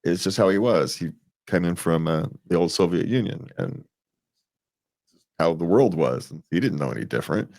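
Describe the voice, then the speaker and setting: Animated and a little mellow, this low-voiced man keeps a moderate pace as a co-host giving relationship advice. The conversation is casual and meandering, full of restarts, repeated words and frequent chuckles.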